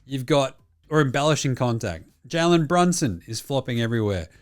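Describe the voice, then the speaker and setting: Swearing Australian man, very lively delivery. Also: medium pitch, normal speed. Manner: swears constantly, blunt and rambling. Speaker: podcast host. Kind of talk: solo sports talk, reading listener messages.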